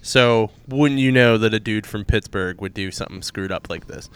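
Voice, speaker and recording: This podcast co-host reviews comics in a casual chat, rambling through plot retellings and laughing at his own jokes. His lowish voice is clear and resonant, moving at a normal speed.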